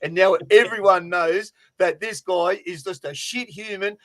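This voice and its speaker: A man co-hosting a fantasy sports podcast, telling stories in a loud, sweary, animated way over a remote call. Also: sits high, measured pace. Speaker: podcast co-host.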